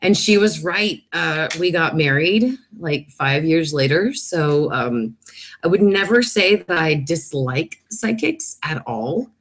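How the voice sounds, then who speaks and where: A woman's voice: low voice, expressive, slow. Chatty woman reading viewer comments. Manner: chatty, reads viewer comments aloud, apologetic, laughs often. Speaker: live stream host. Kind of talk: casual live stream chat.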